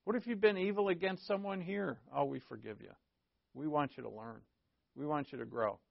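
A man teaches from scripture as a pastor, talking casually and joking with his congregation. His voice sits a little high, and the recording is dry and dull. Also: brisk, creaky, no room sound. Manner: conversational and joking, often asks "right?". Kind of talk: informal midweek Bible teaching.

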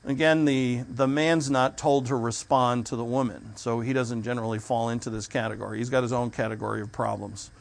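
Male preacher, mid-pitch, talks easily and restarts his sentences. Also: flat delivery, a little fast, creaky, few pauses. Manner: conversational preaching with restarts and asides. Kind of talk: sermon.

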